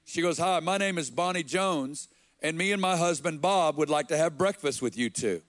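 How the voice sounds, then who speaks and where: A man from Arkansas, preaching and telling a personal story in an earnest, halting way. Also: on the high side, fairly bright tone, no room sound. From Arkansas, USA. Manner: earnest, slow and halting, with quoted dialogue. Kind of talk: sermon storytelling.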